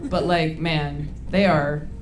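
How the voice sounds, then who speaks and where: A young woman performing a stand-up comedy set on a club stage, wry and deadpan with bursts of playful shouting. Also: low-pitched, slow pace. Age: young adult. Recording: live comedy club with a laughing crowd and noise.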